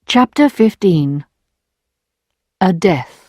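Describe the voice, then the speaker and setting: A woman narrating a story in clear, even English for learners. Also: on the low side, very slow, no room sound, clean studio sound.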